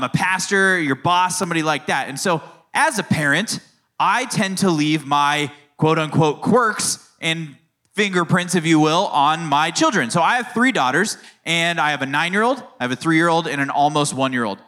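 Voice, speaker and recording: A man in his thirties delivers a relaxed sermon, chatting with his listeners and drifting into playful family anecdotes. His voice sits a little high and rings bright and forward. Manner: storytelling, conversational, playful asides. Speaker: youth pastor. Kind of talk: casual sermon.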